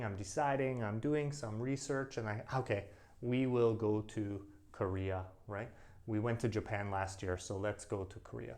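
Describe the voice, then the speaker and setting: A middle-aged man teaching an English grammar lesson to camera, acting out little example sentences in an animated way. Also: mid-range voice.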